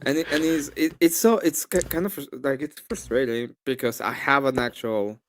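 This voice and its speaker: Male guest, mid-range voice, rambling animated storyteller, faint hiss behind. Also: medium pitch, fairly quick, hardly any pauses. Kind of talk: casual chat.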